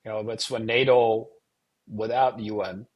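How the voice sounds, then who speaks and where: A husky, lower-pitched middle-aged man from Germany who talks as a guest on an interview show. His stories ramble along, with "you know" dropped in every few words. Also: steady tone, normal speed, dull audio. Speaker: guest, retired air force officer and wargamer. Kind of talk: casual interview storytelling.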